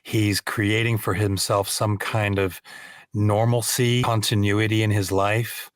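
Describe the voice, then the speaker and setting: A middle-aged man, a voice actor, telling animated, self-deprecating stories in a casual interview. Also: fairly low pitch, measured pace, no room sound, clean studio sound. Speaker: voice actor guest.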